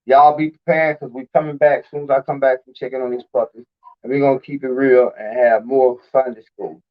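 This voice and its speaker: A man's voice: mid-range voice, fairly even intonation, brisk. A man hosting his own video, talking in a rambling, heartfelt, informal way. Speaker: video host. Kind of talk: casual live-stream talk. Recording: dull lo-fi recording.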